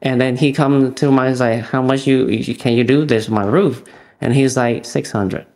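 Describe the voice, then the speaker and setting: A man's voice: mid-range voice, fairly even intonation, normal speed, a little mellow. Man, broken simple phrasing, podcast host, casual chat. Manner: simple, broken English with frequent yeahs.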